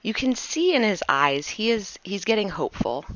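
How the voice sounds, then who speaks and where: A woman narrating as game master of a tabletop game, animated and chatty. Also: mid-range voice, no room sound, dull audio. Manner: animated, chatty, quick to laugh.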